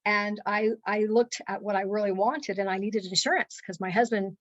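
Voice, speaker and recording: A middle-aged woman speaks in a mid-range voice, telling a personal story to listeners on a call. She is earnest and halting, filling gaps with "um" and restarting sentences. The recording is close and dry, with no room sound. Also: mid-range voice, steady tone, dry recording, muffled recording. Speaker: guest speaker.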